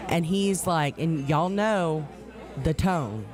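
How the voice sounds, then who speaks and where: A woman's voice: sits low, takes it slowly, over music, crowd noise. A woman, a radio co-host telling a story in casual chat, often laughing. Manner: laughing storyteller, animated retellings.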